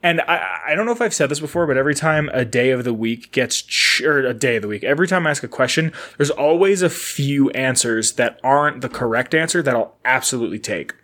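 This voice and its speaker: A solo podcast host with an expressive, somewhat bright mid-range voice talks fairly quickly with few pauses. Recording on a camera-and-mic setup inside the building he's just moved into, he rambles chattily, laughs readily, and keeps correcting himself.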